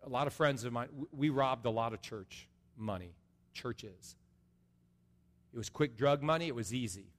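A middle-aged man preaching an earnest sermon as a pastor, going from soft and low to loud and high. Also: moderate pace. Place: large church sanctuary. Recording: long reverb of a large hall.

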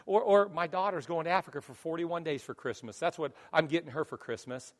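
A man's voice: a little high, brisk, in a large hall. A man preaching a sermon as pastor, telling stories animatedly and acting out both sides of conversations. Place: church sanctuary.

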